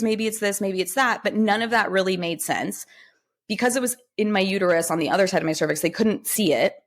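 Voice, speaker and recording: A woman in her thirties, a podcast guest, telling a personal story in casual conversation and acting out the people she quotes. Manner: animated, acts out quoted dialogue with lifted pitch.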